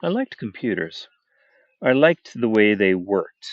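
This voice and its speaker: A man reading a first-person short story aloud in a measured way, with natural pauses. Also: lowish voice, sing-song, no echo. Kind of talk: unedited audiobook reading. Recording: dull, dry.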